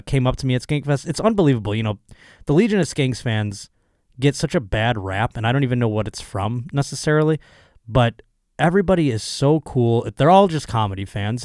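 A hoarse male comedian talks through a solo podcast monologue, his voice not fully recovered. He rambles and swears with excitable bursts, close and dry to the mic at a middling pitch. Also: no room sound.

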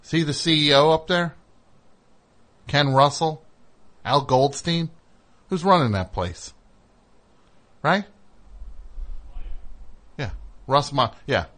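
A man's voice: a little high, lively intonation, takes it slowly, long pauses, a bit bright. Man hosting a call-in show. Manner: teasing, needling callers. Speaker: host. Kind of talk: call-in radio talk.

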